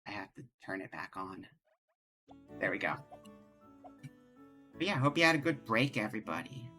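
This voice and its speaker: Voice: medium pitch, big pitch swings, normal speed, sharp tone. Chatty streamer over faint game music. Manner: chatty, reads game dialogue aloud. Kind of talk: casual live-stream chat.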